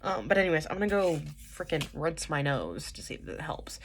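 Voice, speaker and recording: A woman's voice: low-pitched, big pitch swings, fairly quick, slight background noise. Congested, chatty young woman vlogger. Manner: chatty, rambling, many fillers and restarts. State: stuffy nose from a cold. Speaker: vlogger reviewing dramas. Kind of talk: casual rambling chat.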